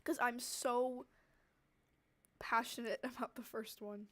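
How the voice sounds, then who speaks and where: A woman's voice: a little high, little pitch movement, takes it slowly, fairly bright tone. A young woman chatting casually with her viewers while she draws, rambling and laughing, her throat scratchy from coughing. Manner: rambling, laughs often, trails off. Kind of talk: casual chat while drawing.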